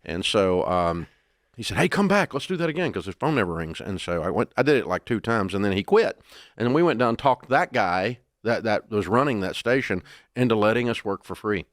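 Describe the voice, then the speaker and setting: A middle-aged man, telling stories in a folksy, animated way as an interview guest. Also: on the low side, brisk, dry recording, studio quality. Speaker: guest, business founder. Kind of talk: storytelling interview.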